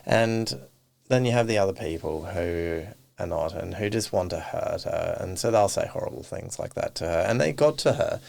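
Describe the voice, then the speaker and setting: Man, podcast guest; deep with a gravelly fry; casual, animated storytelling. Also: moderate pace. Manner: animated storyteller who acts out quoted dialogue. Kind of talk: casual interview chat.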